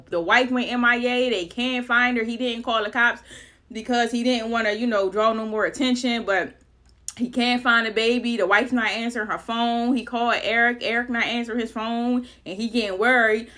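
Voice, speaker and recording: A woman spills a dramatic story in a casual storytime vlog, chatty and full of loose slang. Her voice sits a little high and sounds bright and forward. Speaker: vlogger.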